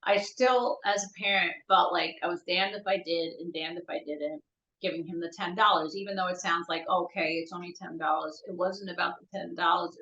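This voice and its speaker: Middle-aged woman, lowish bright voice, halting tearful storytelling, echoey dull audio. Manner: halting, searching for words. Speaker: podcast guest, bereaved mother. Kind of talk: emotional personal storytelling.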